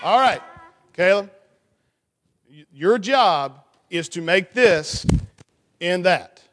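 Man, high voice, children's pastor, playful, animated, teasing, echoing hall. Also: slow pace. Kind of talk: children's church talk.

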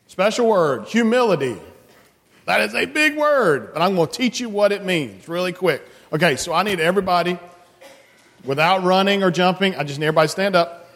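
A man's voice: high voice, animated, brisk, a bit bright. A man leading a children's sermon in a church, coaxing and playful as he talks to the kids. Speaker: children's message leader. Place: church sanctuary. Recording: long church reverb.

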